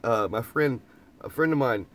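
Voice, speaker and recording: A man's voice: medium pitch, moderate pace, fairly bright tone. Easygoing man in a van, chatting live to viewers, repeats himself and laughs a lot, light background hum. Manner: rambling, laughs often, repeats phrases. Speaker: vlogger reading live chat. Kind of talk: casual live-stream chat. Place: inside a parked camper van.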